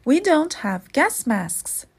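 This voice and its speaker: A woman's voice: high voice, sing-song, takes it slowly, creaky, pitched above the performer's own voice, full character voice. A woman voicing an earnest, anxious young boy in a storybook reading. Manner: hushed, earnest.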